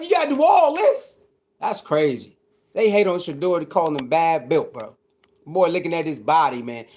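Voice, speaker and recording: A man ranting in a casual, mocking and incredulous way, repeating himself, laughing, and jumping from shouts down to mutters. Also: high-pitched. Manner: mocking, incredulous, swings between shouting and mumbling. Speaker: commentator reacting to online critics. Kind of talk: animated casual rant.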